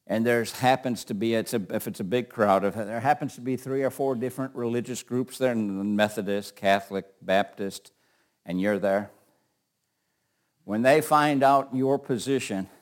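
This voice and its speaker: A man's voice: mid-range voice, moderate pace. A middle-aged man teaching an informal Bible class, talking in a loose, joking way and often repeating words.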